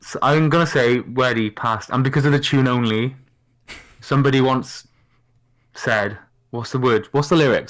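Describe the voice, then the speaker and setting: A man's voice: medium pitch, expressive, moderate pace. A man, a podcast guest in casual chat, patiently spelling out words and laughing often.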